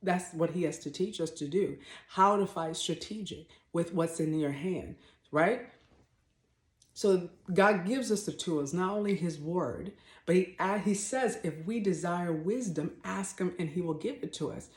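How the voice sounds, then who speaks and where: A woman's voice: on the low side, measured pace. A woman teaching about faith on her vlog, talking off the cuff in an emphatic, blunt way, often repeating herself and restarting her sentences. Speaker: faith vlogger. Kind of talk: spontaneous spiritual teaching. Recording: roomy echo.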